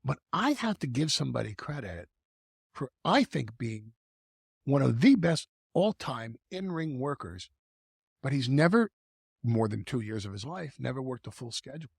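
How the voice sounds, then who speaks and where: Gravelly, animated man on a podcast. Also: mid-range voice, moderate pace, no room sound, clean studio sound. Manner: animated, stumbling restarts, stretches words for emphasis. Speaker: wrestling manager guest. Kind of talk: podcast conversation.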